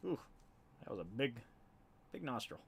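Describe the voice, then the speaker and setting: A man with a middle-pitched voice chats casually while inking comic pages on a live stream. He rambles, laughs easily and swears offhandedly, as if talking to friends. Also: very animated, normal speed, gravelly, a little hiss or hum. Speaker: comic artist and YouTuber.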